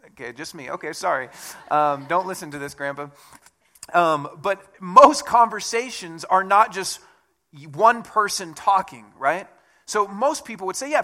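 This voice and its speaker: A man preaching a conversational sermon as a church pastor, with self-deprecating asides and a relaxed, talky delivery. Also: a little high.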